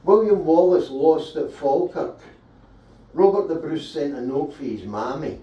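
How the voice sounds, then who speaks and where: A man with a Scottish accent doing a stand-up comedy set with deadpan delivery. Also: on the high side, unhurried, muffled recording. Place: small live comedy venue. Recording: roomy hall, voice from a distance.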